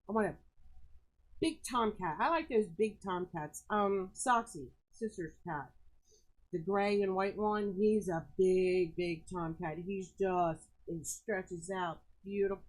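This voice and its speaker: A woman hosts a casual live stream from her home in the country. She talks in a rambling, excitable way, and her pitch often leaps up high. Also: rough recording. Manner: chatty, rambling, excitable with big pitch jumps. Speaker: host of a live sales stream. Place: rural home.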